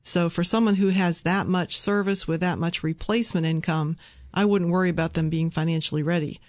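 A woman's voice: on the low side, fairly even intonation, a little fast, a little mellow, no room sound, studio quality. Matter-of-fact female benefits co-host. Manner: clear, explanatory, matter-of-fact. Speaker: radio co-host and benefits expert. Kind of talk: live radio talk show.

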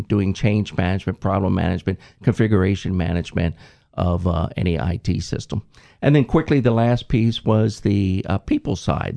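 Low gravelly man explaining methodically. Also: dark tone. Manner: measured, methodical, frequent ums and restarts. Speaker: former government IT executive. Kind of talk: reflective interview answer.

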